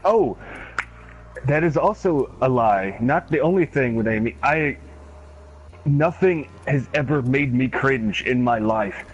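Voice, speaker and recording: A man's voice: medium pitch, animated, slow pace, breathy edge, faint music behind. A man hosting a gaming channel, who tells rambling stories in casual chat and swears freely. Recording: dull lo-fi stream recording with faint noise.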